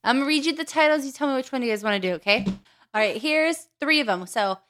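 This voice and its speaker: A woman's voice: sits high, animated, fast talker, fairly bright tone, a little hiss or hum. A woman hosting a podcast in casual chat, steering the conversation and reading out story titles.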